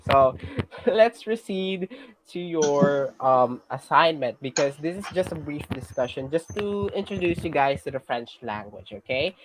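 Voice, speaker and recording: A teacher with a Filipino accent giving a class lesson, patiently checking in with students and pausing on fillers. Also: medium pitch, expressive, a little hiss or hum, rough recording. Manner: patient, checks in with "okay?" often; hesitant, many fillers and restarts.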